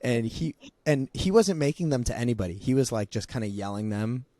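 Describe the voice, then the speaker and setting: A man's voice: medium pitch, expressive, fairly quick, mellow, no echo. A young man telling a funny story to his grandmother in a casual chat. He laughs as he goes and often restarts his sentences. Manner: rambling, laughing, many restarts. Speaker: vlogger.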